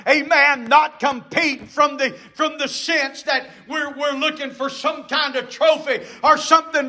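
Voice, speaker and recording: A male preacher with a strikingly high voice delivers a fervent sermon. He speaks slowly, his tone bright and ringing. He repeats phrases, shouts for emphasis and punctuates his points with "amen". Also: fairly even intonation.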